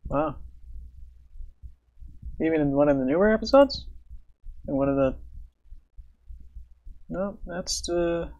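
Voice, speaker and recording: A man's voice: on the high side, expressive, takes it slowly, pauses often, darkish tone, lo-fi sound. A man chatting casually on his livestream as he draws, thinking aloud, humming to himself and chuckling between remarks. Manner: thinks aloud, hums and chuckles while he works. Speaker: livestreaming artist. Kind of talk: casual livestream chat while drawing.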